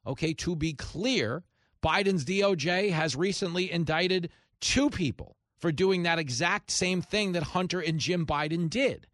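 A man's voice: sits high, normal speed, fairly bright tone, no room sound, studio quality. A man hosting a radio talk show, delivering a heated, sarcastic opinion monologue. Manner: heated, sarcastic, mocking voices of opponents.

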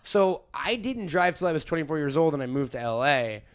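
Joking, rambling man, slightly high. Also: lively intonation, fairly quick, clean tone. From New York area. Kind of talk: casual chat.

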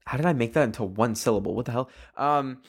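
A man's voice: medium pitch, quick pace, husky. A young man hosting his own show, chatting casually and rambling with lots of fillers. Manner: rambling, animated, heavy use of "like". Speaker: podcast host. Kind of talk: casual solo chat.

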